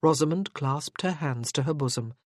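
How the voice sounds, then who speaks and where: A narrator reading a period romance novel in an even, measured way. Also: mid-range voice, no echo, clean studio sound.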